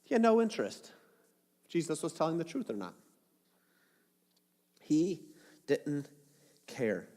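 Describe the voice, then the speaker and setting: A man's voice: a little high, sing-song, fast, long pauses, darkish tone, big-room sound. A man preaching a sermon as pastor, casual and joking, with dramatic retellings.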